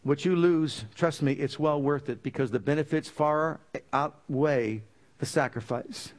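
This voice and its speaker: A man preaching a sermon, quizzing the congregation with call-and-response questions and moving between loud emphatic passages and low, quiet pleading. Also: unhurried. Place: church.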